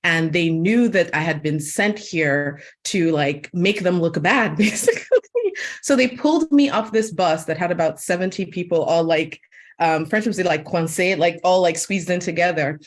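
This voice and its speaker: A woman from Sierra Leone with an American accent tells a personal story on a webinar panel. She speaks in an animated, chatty way and fills her sentences with "like." Her voice sits a little low for a woman. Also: moderate pace. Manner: animated storyteller, many "like" fillers. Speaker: webinar guest, media host.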